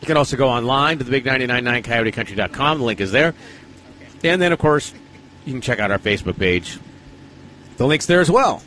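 A man's voice: medium pitch, expressive, fairly bright tone, slight background noise. A man co-hosting a radio charity drive, bantering casually, laughing and reading out the text number. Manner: laughing, joking, quick reads of the number. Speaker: radio host.

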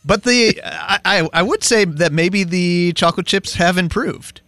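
A man's voice: sits high, unhurried, sharp tone, no room sound. A man on a radio show, tossing out wry, dry quips in casual banter.

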